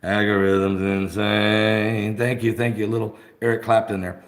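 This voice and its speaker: A man hosting an off-the-cuff live broadcast from his phone, rambling and excitable, bursting into shouts. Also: fairly low pitch, brisk, echoey room. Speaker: host of an online live broadcast.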